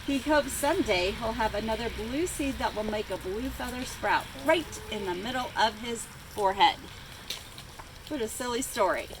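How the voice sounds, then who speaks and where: A woman's voice: on the high side, normal speed. Woman reading a storybook aloud outdoors. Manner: expressive storytelling. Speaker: librarian. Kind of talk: reading a picture book aloud to children. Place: outdoors by a chicken coop. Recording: outdoor noise with farm animals.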